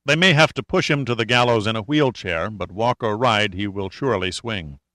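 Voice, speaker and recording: A man's voice: fairly low pitch, normal speed, pushed and bright, dry recording. Weary, tough male adventurer, read by a narrator. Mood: grim. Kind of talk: audiobook character reading.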